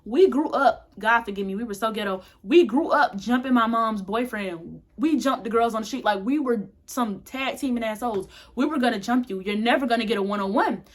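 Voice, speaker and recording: A woman's voice: a little high, brisk, few pauses. A young woman vlogger telling a loose, frank story in casual chat, swearing freely as she goes. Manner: chatty, frank, laces story with profanity; talks a bit tipsy and loose.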